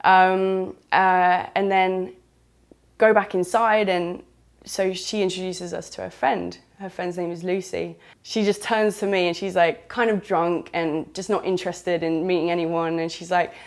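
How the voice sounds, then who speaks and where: Chatty southern English woman, lowish voice. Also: little pitch movement, measured pace. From southern England. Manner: chatty, loose and frank, with British slang. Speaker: storyteller. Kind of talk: candid first-person storytelling.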